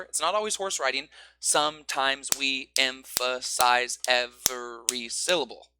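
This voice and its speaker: A man teaching other teachers how to train stress and intonation, talking in a relaxed, conversational way and chanting rhythms to demonstrate. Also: medium pitch, measured pace, hardly any pauses, smooth. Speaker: English teacher.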